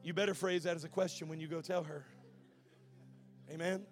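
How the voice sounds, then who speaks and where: A male pastor preaching a sermon, swinging from shouted, sing-song preaching to quiet, conversational asides. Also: fairly high pitch, steady tone, a little fast, soft background music.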